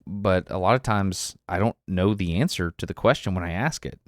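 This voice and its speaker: A man's voice: sits low, moderate pace, no room sound, studio quality. A man with an Alabama accent, a podcast guest in casual conversation, candid and self-deprecating, laughing often.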